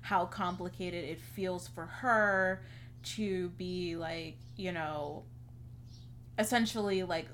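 On a podcast she co-hosts, a young woman with a fairly low voice chats casually through a long story. "Like" comes up again and again, and she acts out quotes, with slight noise in the background.

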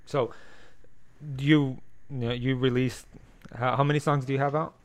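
A man's voice: medium pitch, fairly even intonation, moderate pace. A man interviewing a musician in casual chat, loose and swearing freely.

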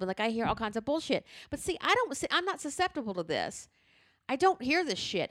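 Woman, podcast co-host, lively swooping pitch, dry close sound, profane storyteller. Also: no room sound. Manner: animated, profane ranting storyteller. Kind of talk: casual podcast chat.

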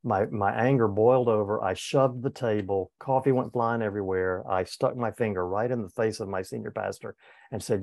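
Older man, mellow earnest storyteller. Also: fairly low pitch, steady tone, moderate pace, gravelly, dry recording. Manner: earnest, candid, with frequent restarts. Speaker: former pastor. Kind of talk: reflective personal storytelling in conversation.

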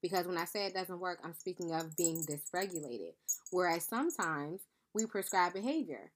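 A woman's voice: fairly low pitch, lively intonation, normal speed. Earnest woman podcaster thinking aloud. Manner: earnest, thinks aloud with frequent "right?" check-ins; calls listeners "beloved". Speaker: podcast host. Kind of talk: reflective podcast monologue.

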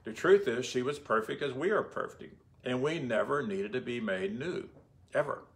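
A man's voice: mid-range voice, animated, normal speed, fairly bright tone. A man giving informal Bible teaching in a conversational way, often asking his listeners rhetorical questions.

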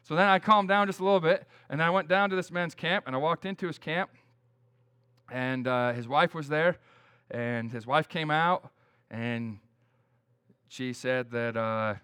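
Middle-aged man, folksy conversational preacher, slightly higher voice, plain talk with restarts. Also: measured pace, pushed and bright, clear, resonant tone. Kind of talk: conversational sermon.

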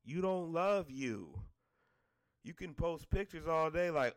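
Man, casual profane rant, blunt and exasperated, high voice, swooping pitch. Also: very animated, unhurried. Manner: blunt, exasperated, heavy swearing.

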